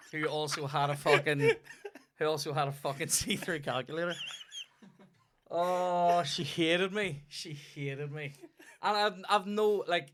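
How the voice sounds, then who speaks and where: Northern Irish man, comedy podcast storyteller, salty and animated, mid-range voice. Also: medium pitch, a little hiss or hum. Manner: sweary, animated anecdote-telling. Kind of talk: casual banter and storytelling.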